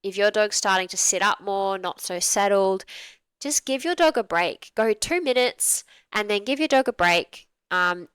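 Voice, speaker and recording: A woman dog trainer commenting on a training clip in a relaxed, conversational way, often acting out examples to make her point. Her voice is smooth and resonant, at a middle pitch. The recording is dry and close. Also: dry recording, low-quality recording. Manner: conversational, explains with acted examples. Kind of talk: video review commentary.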